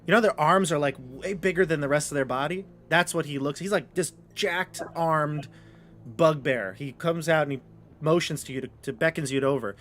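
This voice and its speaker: A man's voice: a little high, normal speed, a bit bright. A man narrating a tabletop role-playing game as game master, in rambling, chatty descriptions full of fillers.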